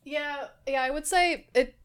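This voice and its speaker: A woman's voice: sits high, a little slow. A young woman co-hosting a video game podcast in casual chat, rambling with restarts and swearing freely. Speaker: podcast co-host.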